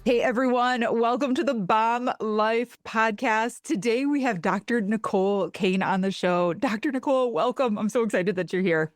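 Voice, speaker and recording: A woman from Michigan hosting a podcast, talking in a bubbly, gushing way and throwing in quick asides. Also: fairly high pitch. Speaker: podcast host. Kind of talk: casual podcast chat.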